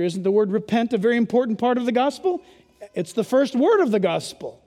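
High-pitched preaching man, echoing church. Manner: emphatic preaching, yelling at times. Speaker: pastor. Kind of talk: sermon. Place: church sanctuary during a service.

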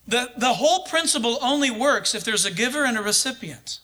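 Male preacher, high-pitched and forceful, lively anecdotal storyteller. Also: fairly quick. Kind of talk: storytelling in a sermon.

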